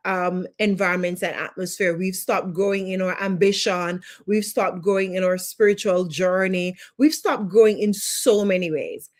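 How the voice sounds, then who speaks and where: Woman coach, Jamaican accent, live online lesson; emphatic, builds points through repetition. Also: medium pitch. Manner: emphatic, repeats phrases for effect. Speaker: life coach.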